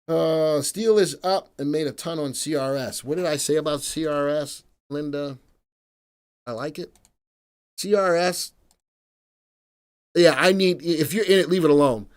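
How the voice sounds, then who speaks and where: A middle-aged man hosting a live stock market stream, chatting energetically and playfully with viewers, even breaking into song. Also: fairly high pitch. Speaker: stock market analyst host.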